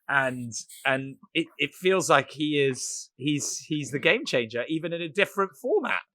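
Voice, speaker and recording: A man's voice: fairly high pitch, lively intonation, normal speed, bright, forceful tone, no echo. A man co-hosting a casual rugby podcast, playful and teasing. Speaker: podcast co-host.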